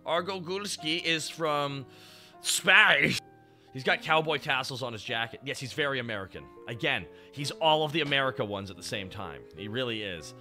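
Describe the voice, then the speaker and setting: A man streaming, chatting with his chat in an animated way, swearing and laughing often. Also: mid-range voice, moderate pace, faint music behind. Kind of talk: casual chat.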